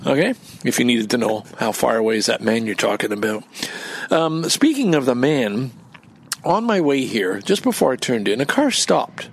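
Gravelly rambling man, profane and indignant. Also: medium pitch, big pitch swings, moderate pace, slight background noise. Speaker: vlogger. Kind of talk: casual rambling monologue. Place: outdoors in a park.

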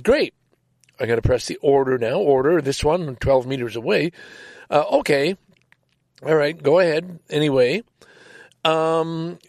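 An older man tells a long story in a casual, rambling way, exasperated and quick to swear. His voice sits a little high for a man and swings widely in pitch. The sound is dry and close, with no room around it. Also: no echo. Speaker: vlogger.

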